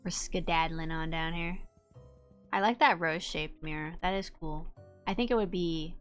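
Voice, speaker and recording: A woman's voice: fairly low pitch, normal speed, soft background music. Giggly, bubbly woman streamer. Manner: bubbly and giggly, greets chat warmly. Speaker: streamer playing a game. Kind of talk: casual livestream chat.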